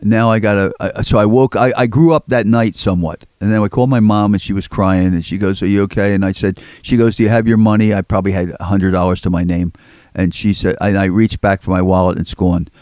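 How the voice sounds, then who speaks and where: Speaking a little fast with fairly even intonation, this older record collector from Philadelphia rambles through stories as an interview guest. He repeats himself and acts out quotes in a low-pitched, slightly mellow voice. It's captured dry on a studio mic.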